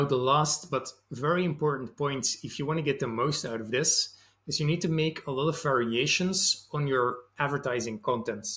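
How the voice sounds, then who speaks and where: A man's voice: medium pitch, fairly bright tone. A young man hosting a sales channel, giving loose, conversational advice with frequent fillers. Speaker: sales and marketing channel host. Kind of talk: casual advice monologue to camera.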